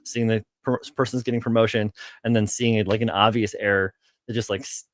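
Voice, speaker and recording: A man's voice: lowish voice, fairly even intonation, brisk, no room sound, clean studio sound. A man as a guest on a casual livestream, talking candidly and hesitantly with lots of fillers. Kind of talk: casual chat.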